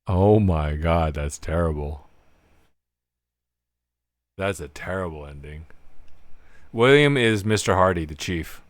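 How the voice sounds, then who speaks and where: A man's voice: low voice, lively intonation, slow, long pauses, dry recording. A man giving casual live commentary while playing a video game, chatty and self-deprecating, laughing often at his own mistakes. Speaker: game streamer.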